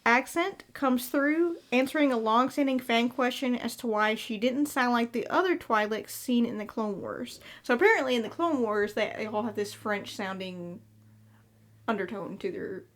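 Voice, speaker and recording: A Southern woman co-hosting a fan podcast, her voice sitting a little high. She talks in a relaxed, hesitant way, with many fillers, as she walks through trivia and recaps. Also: normal speed. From American South. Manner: hesitant, filler-heavy, recaps episode notes. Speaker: podcast co-host. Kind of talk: casual chat.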